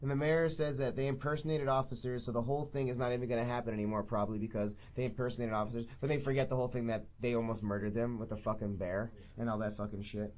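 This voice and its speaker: A man's voice: mid-range voice, fairly even intonation, quick pace, few pauses, a little mellow. A young man co-hosting a podcast, ranting in casual, profane chat about a movie he hated. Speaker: podcast co-host.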